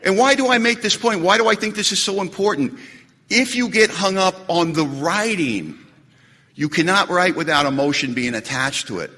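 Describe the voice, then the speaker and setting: A man speaking at a recovery meeting, an animated storyteller who jokes and acts out quotes. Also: high voice, moderate pace. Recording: echoey hall recording.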